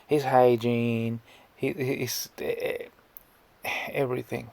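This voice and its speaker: Gravelly, stammering male commentator. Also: mid-range voice, unhurried, darkish tone, dry recording. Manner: stammering, scornful, blunt. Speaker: commentary YouTuber. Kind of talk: reaction commentary.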